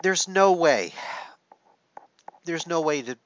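A man speaking to camera in a heartfelt confessional, choked up with emotion, halting and profane, with frequent restarts. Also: a little high, animated, no room sound, highs cut off. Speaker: content creator. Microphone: camera setup.

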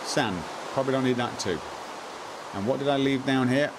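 A man streaming live gameplay, muttering to himself, repeating lines and breaking into excited outbursts. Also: mid-range voice, normal speed, background noise.

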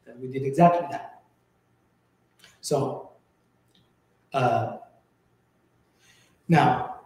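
A man leads a Torah class, speaking slowly and haltingly and restarting his sentences as he reaches for the next thought. His voice is mellow and sits a little high for a man, and it rings out in a very reverberant hall. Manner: slow, searching delivery with many restarts and fillers. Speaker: rabbi teaching a Torah class. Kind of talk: informal Bible teaching. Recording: very echoey room.

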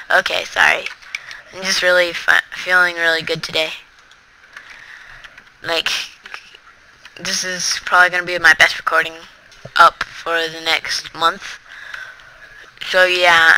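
A gamer talking through a let's-play in a very bright, sharp-edged voice. The delivery is slow and drawn out, playful and chatty, full of muttered self-talk. A faint hiss sits under it. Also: mid-range voice, little pitch movement, vocal fry, low-quality recording.

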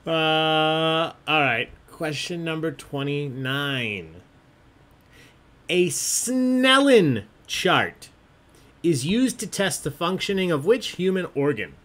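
A man's voice: on the high side, animated, a little slow, hardly any pauses, fairly bright tone. A man hosting an online trivia game, chatty and jokey, often laughing as he reads out answers. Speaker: trivia host.

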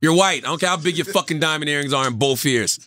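A man's voice: on the high side, fast talker, no room sound, clean studio sound. A man co-hosting a comedy podcast, incredulous and laughing often in casual banter. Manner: laughs a lot, animated, incredulous. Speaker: podcast co-host.

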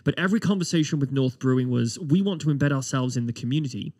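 A man's voice: mid-range voice, fast talker, a little mellow, dry recording, clean studio sound. A man with a British accent co-hosting a podcast, chatting casually and with enthusiasm. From Britain. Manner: enthusiastic, talks passionately. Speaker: podcast co-host. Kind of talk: casual chat.

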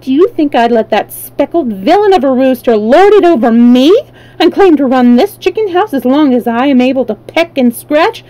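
A woman voicing a proud, scrappy yellow hen who talks back in brash slang. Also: high-pitched, animated, a little slow, poor audio. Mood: defiant. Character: feisty, defiant yellow hen.

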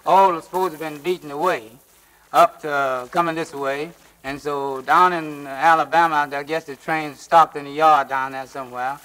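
A man, a blues singer recounting a story in a slow, rambling folk dialect in an old archival interview. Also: fairly high pitch, fairly even intonation, fairly bright tone, low-quality recording. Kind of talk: archival oral-history interview. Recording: old archival field recording with guitar.

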